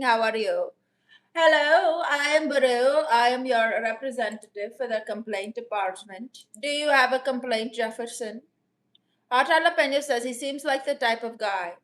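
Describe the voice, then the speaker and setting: A woman comedian voicing a brash, self-assured customer-service rep who calls everyone baby, in a deadpan improvised livestream. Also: a little high, close to an everyday voice.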